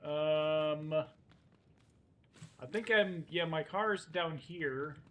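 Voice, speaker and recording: A man's voice: on the high side, drawn-out words, fairly bright tone. A man streaming a video game, joking and talking to himself as he plays. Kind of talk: casual gameplay commentary. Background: game music.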